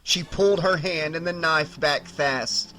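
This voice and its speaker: A man narrating a horror novel as an audiobook in a measured, dramatic reading. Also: fairly high pitch, sharp tone, poor audio.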